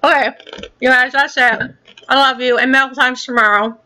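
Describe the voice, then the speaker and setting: Heated, bright-voiced woman ranting. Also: high-pitched, fairly even intonation, normal speed. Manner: heated, swearing, repeats herself. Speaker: gaming channel host. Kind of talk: angry ranting vlog.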